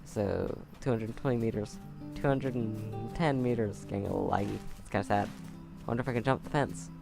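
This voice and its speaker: A man plays a video game at home and gives let's play commentary into a close desk mic, his low, creaky voice running a little fast over music. He's chatty and sarcastic, tossing off wry remarks.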